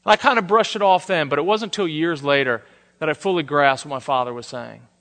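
A man preaching a sermon, shifting between soft, intimate lines and emphatic declarations. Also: a little high, brisk. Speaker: pastor. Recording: long hall reverb.

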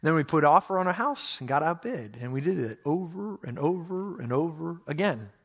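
Male pastor, sermon, animated and self-mocking, fairly high voice, lively pitch. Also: moderate pace, husky. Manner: animated, self-mocking storytelling with acted complaints to God.

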